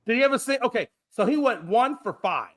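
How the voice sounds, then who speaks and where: A man's voice: very high voice, animated, a little fast, a bit bright. A man co-hosting a casual sports talk show, brash, profane and argumentative.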